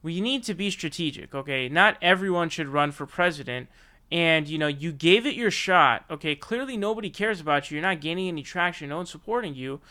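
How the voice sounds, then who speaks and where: A man's voice: a little high, pushed and bright. A young man hosting political commentary, ranting bluntly and profanely in slangy talk aimed straight at his target.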